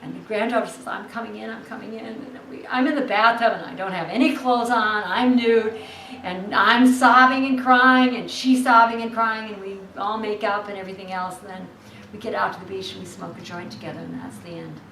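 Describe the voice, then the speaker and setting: A woman, an actress guest on an interview show, telling stories in a lively way and acting out the people in them. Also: medium pitch, brisk. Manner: lively, acts out the people in her story. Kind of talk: animated anecdote telling. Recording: roomy, distant mic, faint hiss.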